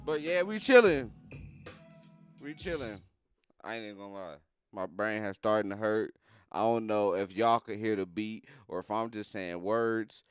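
A man's voice: moderate pace, clean tone. Young man freestyling over a beat. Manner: profane, swings between loud outbursts and low muttering. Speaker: streamer. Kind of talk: live-stream freestyle rapping and chat. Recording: faint music behind voice. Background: beat music playing.

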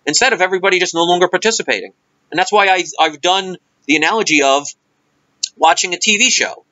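A man's voice: sits high, animated, fast, sharp tone, no room sound, muffled recording. A man vlogger giving an impassioned, sarcastic and preachy monologue rant.

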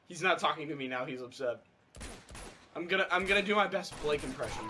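A man commentating his gameplay in casual banter, excitable, swearing loudly and bursting into shouts and laughter. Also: on the high side, moderate pace, noisy background. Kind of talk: casual let's-play banter.

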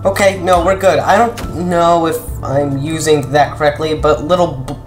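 A man doing casual gameplay commentary, rambling with self-mocking asides and sudden shouted outbursts. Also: fairly high pitch, moderate pace. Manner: excitable, jumps from mutters to shouted outbursts. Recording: game music playing underneath. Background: game music.

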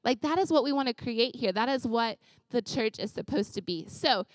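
A woman pastor gives a sermon in an easy, conversational way, moving from story to story with lively energy. Her voice sits a bit high. The sound is dry and close, with no room echo. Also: moderate pace. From Louisiana. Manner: conversational storytelling, animated and casual.

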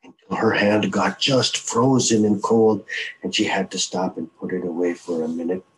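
A man's voice: low-pitched, steady tone, normal speed, noisy background. Man telling a folk tale casually. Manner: loose, repetitive, conversational narration. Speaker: storyteller. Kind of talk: oral traditional storytelling.

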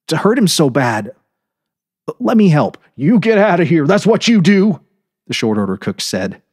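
A man narrating a horror story in an intense, measured first-person reading with dramatic pauses. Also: fairly low pitch, husky, dry recording, studio quality.

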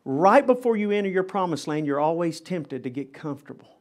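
A man's voice: a little high, lively intonation, fairly quick, a little mellow. A middle-aged man, a pastor, preaching a live chapel sermon in an emphatic, dramatic style that builds in intensity. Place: chapel service.

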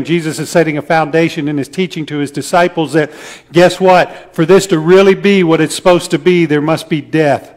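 A man with a Midwestern American accent preaching a sermon as pastor, earnest and emphatic, dropping soft at the ends of his points. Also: fairly high pitch, a little fast.

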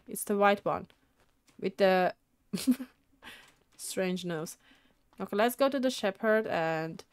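A woman giving casual let's-play commentary, talking to herself excitably and throwing in mild mock swearing as she plays. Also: mid-range voice, clear, resonant tone, no echo. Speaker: gaming video creator.

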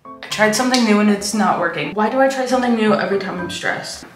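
A woman's voice: mid-range voice, fast talker. A woman in her twenties chatting to the camera in a casual home vlog, bubbly and self-mocking, with lots of "like". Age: 20s. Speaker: vlogger. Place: at home, indoors. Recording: roomy sound with music behind. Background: background music.

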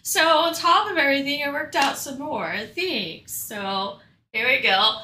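High, bright, giggly woman streamer. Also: unhurried. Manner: giggly, laughs often between words. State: out of breath. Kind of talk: casual livestream chat.

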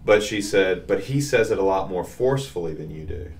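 A Southern man in his forties, a pastor co-hosting a podcast, telling family stories in a lively, drawling way. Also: low-pitched, a little fast. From Southern US, Nashville. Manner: animated storyteller with a Southern drawl. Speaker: pastor, co-host. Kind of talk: casual chat, storytelling.

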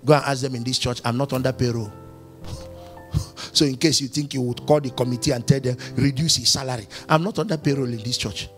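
A man's voice: mid-range voice, fairly even intonation, brisk, faint music behind. A man preaching a sermon in church, firing questions at the congregation and acting out little dialogues. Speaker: pastor.

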